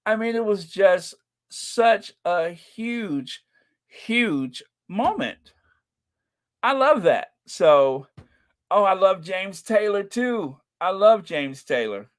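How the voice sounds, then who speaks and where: An excitable, gushing man runs a casual live stream, addressing viewers and reading their messages at an unhurried pace in a voice that sits high. A runny nose and repeated throat-clearing accompany his talk.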